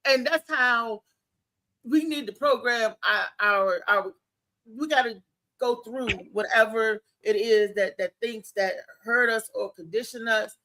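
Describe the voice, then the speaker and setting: A woman co-hosting a casual talk show, telling stories in an animated way with laughs and restarts. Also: on the high side, measured pace. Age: adult with a child. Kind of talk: casual chat.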